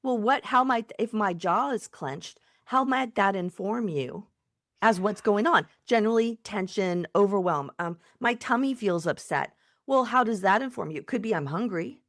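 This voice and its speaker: A woman psychotherapist and coach speaking as a podcast guest, giving gentle advice and acting out kind, soothing self-talk. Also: medium pitch, normal speed, no echo, studio quality. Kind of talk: warm conversational advice.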